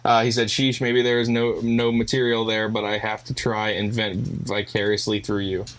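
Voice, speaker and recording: A man's voice: fairly low pitch, level tone, normal speed. A man co-hosting a casual podcast, agreeable and backing up the host.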